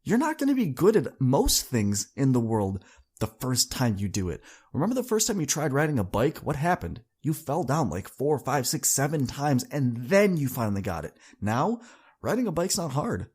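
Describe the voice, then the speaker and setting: A man's voice: medium pitch, wildly swooping pitch, normal speed, a little mellow, slightly rough. A young adult man hosting a podcast, delivering an earnest, upbeat motivational monologue that speaks straight to his listeners. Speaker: podcast host.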